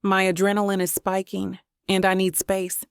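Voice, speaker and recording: A woman voicing a sharp-tongued young woman romance author with a Southern accent, snapping sarcastic retorts. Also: mid-range voice, monotone, moderate pace, gravelly, clear, resonant tone, no room sound, clean studio sound, lightly acted. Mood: angry.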